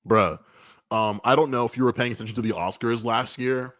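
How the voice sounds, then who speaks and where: A man in casual podcast chat, animated and profane, dropping into loud bursts as he tells a story. His voice sits in a middle register, recorded dry and close with no room sound. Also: medium pitch, a little fast, no echo. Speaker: podcast co-host. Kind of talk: casual music review chat.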